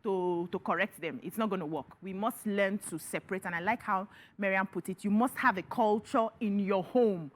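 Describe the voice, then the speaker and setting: Woman, TV talk show co-host, animated, studio panel. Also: moderate pace, few pauses. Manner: animated, rising pitch when worked up.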